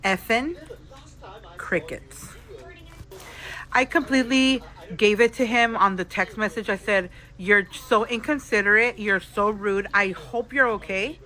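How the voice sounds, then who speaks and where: A slightly tipsy woman spills a story straight to her phone camera from a quiet hotel room. She talks frankly and chattily, calling her viewers girl and y'all as she goes. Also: medium pitch, normal speed, low-quality recording. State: a little tipsy. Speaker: vlogger. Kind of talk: storytime vlog.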